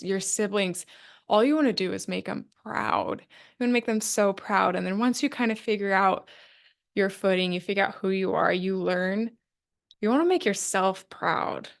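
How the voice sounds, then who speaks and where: This podcast host, a woman, chats casually with a guest, asking questions and thinking aloud earnestly with many fillers. Her gravelly voice sits mid-range at a moderate pace.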